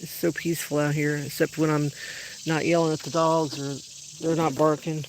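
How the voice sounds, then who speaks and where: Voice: medium pitch, flat delivery, normal speed, a little hiss or hum, low-quality recording. Chatty livestreamer, faint crickets. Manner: chatty, rambling, shouts to call dogs. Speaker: livestreaming dog owner. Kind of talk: casual livestream chat. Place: outdoors in a wet backyard.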